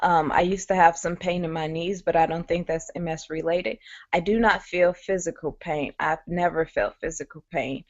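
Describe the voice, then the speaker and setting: A woman's voice: fairly low pitch, normal speed, no echo. A woman sharing a personal story candidly on a webinar, talking conversationally with many fillers. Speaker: guest speaker. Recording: muffled lo-fi audio.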